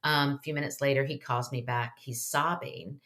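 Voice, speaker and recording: A woman in her fifties with a notably low voice recounts a story as an interview guest. She talks in an earnest, chatty way, stopping often for fillers and small restarts. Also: fairly even intonation, moderate pace, a bit bright. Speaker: author and guest.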